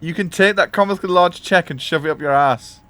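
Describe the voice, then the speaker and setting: A man's voice: high-pitched, fairly quick, a bit bright. A man streaming a video game live, joking, swearing freely and reading choices aloud. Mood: amused. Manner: jokey, swears freely, laughs often. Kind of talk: casual live-stream gameplay commentary.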